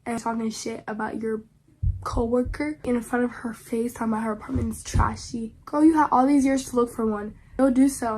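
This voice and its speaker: A woman with a fairly high voice reads online posts aloud and reacts to them in casual, slangy commentary, often pleading dramatically with her viewers.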